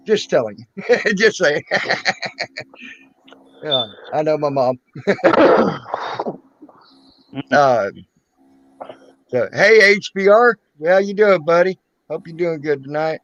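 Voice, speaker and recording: A man's voice: fairly high pitch, animated, slow pace, pauses often, a bit bright, dry recording, highs cut off. A man hosting a casual online talk show, rambling and joking crudely. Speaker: host.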